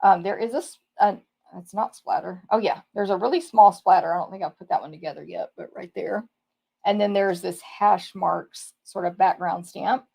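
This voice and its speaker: A papercraft demonstrator with a medium-pitched, gravelly, darkish voice and a breathy edge speaks steadily at a moderate pace. On her casual live tour of the products, she chats, thinks aloud, and corrects herself.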